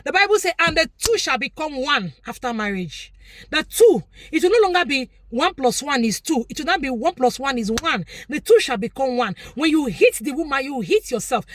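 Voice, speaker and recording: A Nigerian woman delivers a preachy commentary monologue to her viewers. Her high voice leaps up and down with lively emphasis, and she repeats lines to drive points home. The sound is close and dry. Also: no echo. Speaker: vlogger commentator.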